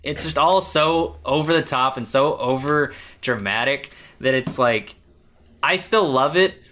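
A man co-hosting a podcast, talking casually and animatedly, with rambling restarts and quick laughs. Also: medium pitch, sharp tone, a little hiss or hum. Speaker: podcast co-host. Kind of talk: casual movie discussion.

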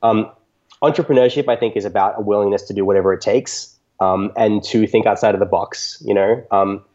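A man's voice: fairly low pitch, a little fast, darkish tone, highs cut off. A man being interviewed on a podcast, answering reflectively with many ums and restarts. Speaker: music podcaster, guest.

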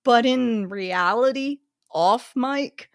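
A woman's voice: a little high, takes it slowly, dry recording, clean studio sound. A woman co-hosting a podcast in casual chat, laughing often as she retells stories. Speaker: podcast co-host.

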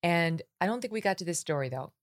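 A woman's voice: lowish voice, lively intonation, fast. A woman hosting an interview, leading into her guest's story with conversational questions and small restarts. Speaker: interview host.

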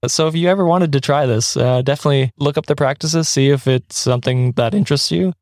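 A man's voice: medium pitch, quick pace, darkish tone, no room sound, clean studio sound. A man hosting a podcast, talking casually and rambling a little, often correcting himself and laughing along the way. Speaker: podcast host.

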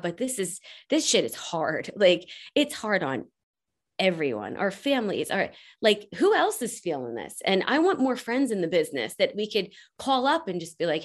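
A woman speaking as a podcast guest, telling a story in a chatty, rambling way full of fillers. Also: lowish voice. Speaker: podcast guest, coach's wife. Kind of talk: casual interview chat.

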